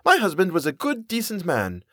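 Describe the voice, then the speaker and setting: A man's voice: sits high, wildly swooping pitch, a little fast, no room sound, clean studio sound, voice pushed up, exaggerated voice. A man voicing an anxious, worn-down middle-aged mother who pleads and snaps. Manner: pleading, tearful.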